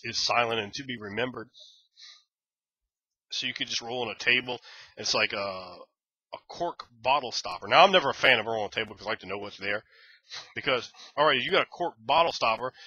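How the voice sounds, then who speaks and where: A man's voice: lowish voice, pushed and bright, husky, no room sound, lo-fi sound. A man giving a casual, enthusiastic and rambling review of a tabletop game book.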